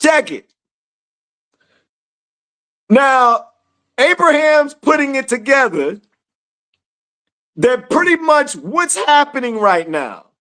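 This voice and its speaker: A woman leading a casual livestream Bible study, animated and laughing, talking to viewers as y'all. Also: high-pitched, slow pace, long pauses. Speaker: scripture study teacher.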